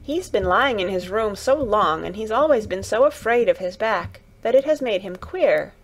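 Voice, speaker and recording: Woman doing a curious little girl, eager and crisp, soft music behind. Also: mid-range voice, expressive, moderate pace.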